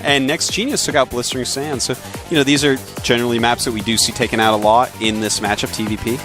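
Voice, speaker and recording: A man co-commentating a live esports match, trading laid-back banter and getting excited over plays. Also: mid-range voice, fast, over music.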